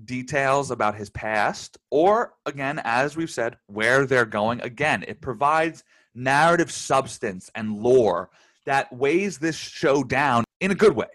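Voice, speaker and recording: A man's voice: medium pitch, lively intonation, takes it slowly, a bit bright. A man co-hosting a casual review podcast, easygoing and enthusiastic. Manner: easygoing, enthusiastic, laughs often. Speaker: podcast co-host reviewing a TV episode. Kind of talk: casual chat.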